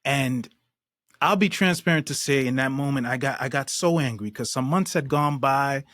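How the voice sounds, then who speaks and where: A man's voice: mid-range voice, moderate pace, a bit bright, no room sound, clean studio sound. A man, a podcast guest, earnestly recounting a personal story with emphatic, acted-out quotes.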